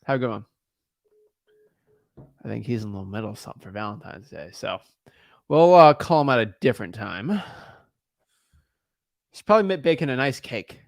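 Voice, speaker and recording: A man who wholesales real estate, talking casually between cold calls in an animated rant and stumbling over repeated words when he gets worked up. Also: medium pitch, normal speed, vocal fry, pauses often, dry recording, studio quality.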